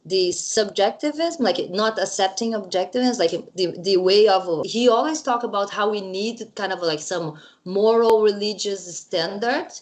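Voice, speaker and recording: A young woman asking an interview guest questions in a relaxed chat. Her pitch sits in the middle. She hesitates and fills pauses as she forms each question. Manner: hesitant, questioning, many fillers. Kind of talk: casual conversational interview.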